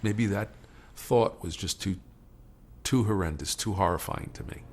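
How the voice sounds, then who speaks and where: A man giving interview testimony in a subdued way, pausing to search for words. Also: deep voice, darkish tone. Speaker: eyewitness interviewee.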